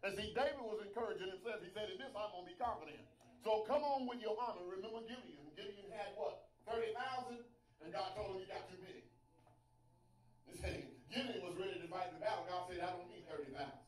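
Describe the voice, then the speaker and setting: A man's voice: high voice, fast, roomy sound, poor audio. A man preaching a sermon, asking rhetorical questions and restarting his sentences. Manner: call-and-response questions, stammering restarts.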